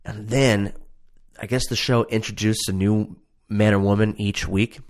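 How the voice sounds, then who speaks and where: A man's voice: fairly low pitch, steady tone, measured pace. A man casually ranting about a reality show he watched, profane, sarcastic and exasperated. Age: adult. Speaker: show reviewer.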